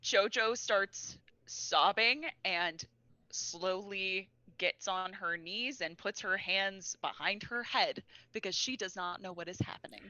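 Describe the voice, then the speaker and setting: A woman's voice: medium pitch, slow, sharp tone, no echo, highs cut off. A woman player in a tabletop role-play who speaks hesitantly and thinks aloud.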